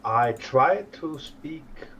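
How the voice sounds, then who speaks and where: A man with a German accent chatting casually with teammates during a game, speaking in a careful, measured way. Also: fairly high pitch, lively intonation, a bit bright, recorded from a distance, lo-fi sound, slight background noise. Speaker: teammate on voice chat. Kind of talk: casual gaming chat.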